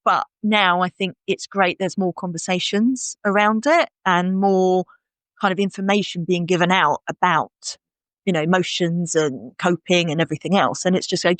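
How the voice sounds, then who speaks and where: A woman's voice: on the low side, moderate pace, no room sound. A woman co-hosting a podcast in casual chat, acting out her inner voice in little quoted scenes. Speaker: podcast co-host.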